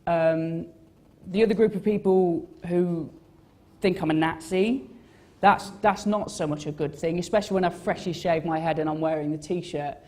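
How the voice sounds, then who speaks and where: On stage at a live event, a young man talks casually about his design work in a voice on the high side, steady in tone, moderately paced and a little mellow. He rambles and pokes fun at himself, with plenty of fillers and restarts.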